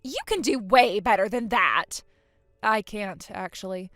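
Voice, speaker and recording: A woman's voice: medium pitch, measured pace, a bit bright, dry recording. A woman voicing the fed-up older sister in acted story dialogue, dry and exasperated. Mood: weary.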